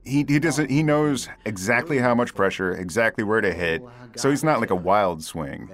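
A man's voice: on the low side, moderate pace. A man hosting a podcast in casual chat, laughing often and filling with ums and likes. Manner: lively, laughs often, many fillers. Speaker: podcast host.

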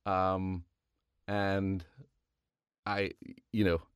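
A man who is an announcer and voice actor, chatting fondly about his work. His voice sits a little low. The sound is dry and close, with no room echo. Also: little pitch movement, extremely slow, clear, resonant tone. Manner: fond, chatty, laughing. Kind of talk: casual recorded reflection.

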